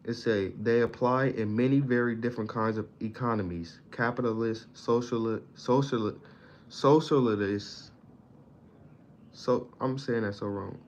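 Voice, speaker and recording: A man's voice: mid-range voice, steady tone. A man reading a book aloud in a casual study session, stumbling over words and stopping to explain them in plain slang. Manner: reads haltingly, stumbles on words, pauses to define them in slang. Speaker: self-taught reader explaining a book. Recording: dull lo-fi audio, faint background noise.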